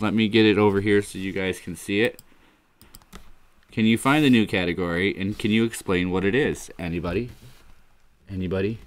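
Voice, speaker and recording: A man with a very low voice hosts a casual livestream, chatting loosely to his viewers. He rambles and narrates every click as he fumbles with his computer. He is speaking close to a desk microphone. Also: clean tone. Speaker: livestream host.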